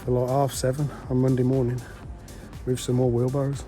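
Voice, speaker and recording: A man's voice: medium pitch, monotone, a little fast, dark tone. A man vlogging outdoors on a building site. He talks casually to viewers as he works, with mild swearing. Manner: chatty, mild swearing, calls viewers guys. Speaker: pond builder vlogging his project. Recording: music playing underneath.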